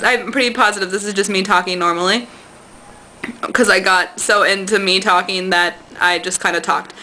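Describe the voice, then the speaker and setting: A woman's voice: medium pitch, sharp tone, poor audio. A woman rambling to the camera in a casual vlog, gushing and giggly, and acting out quoted lines in bouncy voices. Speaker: vlogger.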